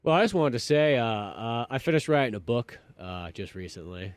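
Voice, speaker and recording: A man's voice: mid-range voice, expressive, moderate pace, smooth, no room sound. A man co-hosting a podcast, chatting casually and animatedly, swearing now and then and rambling with lots of fillers. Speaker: podcast co-host. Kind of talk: casual chat.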